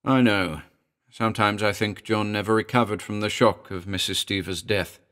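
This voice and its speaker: A man doing an oily, condescending gentleman. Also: on the low side, fairly even intonation, normal speed, lightly acted. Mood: soothing. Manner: soothing and condescending. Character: smooth, oily middle-aged gentleman. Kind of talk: audiobook character reading.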